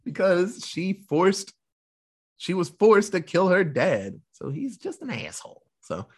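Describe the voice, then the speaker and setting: Animated husky-voiced man recapping a movie. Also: high voice. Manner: animated storytelling, quick voice switches for characters, laughs often. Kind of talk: casual movie recap chat.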